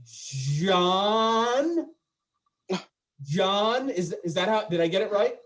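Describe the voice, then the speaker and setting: A man's voice: high-pitched, steady tone, fast talker. A man doing a stand-up comedy set over a video call, chatting and joking with his audience in a self-deprecating way.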